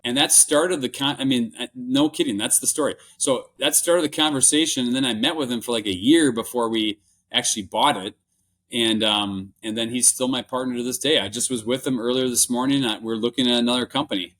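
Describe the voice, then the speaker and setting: A man's voice: mid-range voice, a little fast, fairly bright tone. Earnest Minnesotan man, rambling. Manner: earnest and rambling, many restarts and fillers. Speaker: podcast guest, business buyer. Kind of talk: candid interview storytelling.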